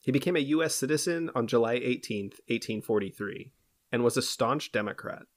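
A man of middle pitch hosts a history podcast and reads his prepared story at a steady clip. Between the scripted parts he slips into loose, easygoing chat with his co-host. The sound is a clean podcast microphone. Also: fairly quick. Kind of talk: scripted history narration mixed with casual chat.

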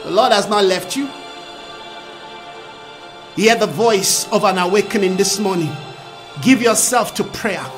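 A man preaching a fervent sermon and leading intercessory prayer, repeating phrases and breaking into shouts and sung lines. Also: high voice, unhurried, pauses often, faint music behind. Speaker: pastor.

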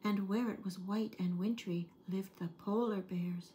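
Gentle woman reading a picture book aloud. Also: mid-range voice, unhurried, slight background noise. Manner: gentle, expressive storybook reading. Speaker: early-years program storyteller.

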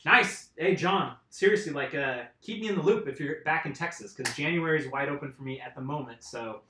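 A man's voice: fairly high pitch, a little fast, sharp tone. A man casually chatting on a live stream while working on his bike, rambling and answering viewers' comments. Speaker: mountain bike vlogger. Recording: roomy echo.

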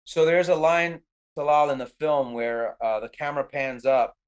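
Man, middle-aged, animated storyteller, podcast interview, casual, quotes acted out. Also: fairly high pitch, normal speed. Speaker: actor recounting a film shoot.

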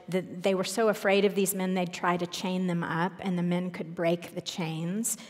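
A woman's voice: mid-range voice, in a large hall. A woman giving an earnest, personal Bible teaching, reading scripture aloud in a church.

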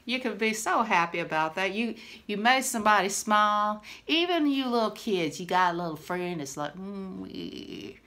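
A woman's voice: medium pitch, lively intonation, normal speed, pushed and bright. A woman, chatting to camera in a rambling, friendly way and laughing often. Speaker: vlogger. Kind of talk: casual chat to camera.

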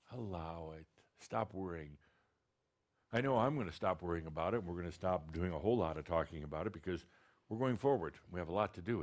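Man, channeled spiritual talk, low pitch, blunt, direct, teasing, halting restarts. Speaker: channeler speaking as a spiritual teacher.

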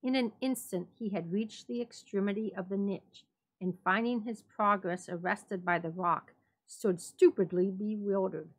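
A woman on library staff giving a dramatic reading of a classic horror tale, measured in the narration and quicker when quoting characters. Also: mid-range voice, a bit bright, rough recording.

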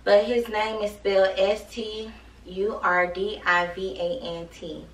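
A woman's voice: mid-range voice, slow, roomy sound, distant mic, noisy background. A woman with a sore throat chatting playfully with her viewers as a beauty vlogger, teasing and joking as she goes. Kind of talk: casual chat to viewers.

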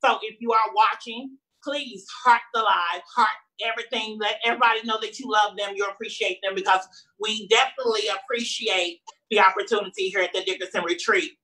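A woman's voice: medium pitch, fairly even intonation, brisk, pushed and bright, rough recording. A woman hosting a live-streamed event, bantering playfully and sassily with the crowd as she welcomes everyone and introduces the performers. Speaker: emcee of a live-streamed show.

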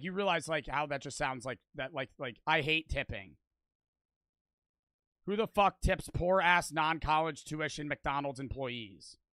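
A man's voice: on the high side, sharp tone, no echo. A teenage boy streamer giving heated, profane reaction commentary, packed with "like" fillers. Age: teens.

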